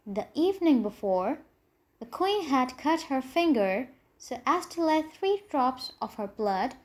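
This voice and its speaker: A woman narrating a fairy tale in a measured storybook reading. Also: sits high.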